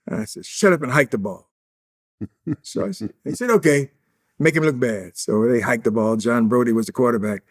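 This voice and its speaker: A man's voice: mid-range voice, expressive, brisk. A man in his eighties from Indiana, a guest in an interview, telling stories boastfully and acting out the dialogue. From Indiana, USA. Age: 80s. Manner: boastful, acts out quoted dialogue. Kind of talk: casual interview storytelling.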